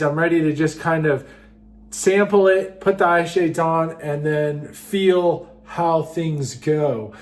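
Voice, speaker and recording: A young man telling a wild personal story in a casual, excitable way, with lots of "like" and "just". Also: on the high side.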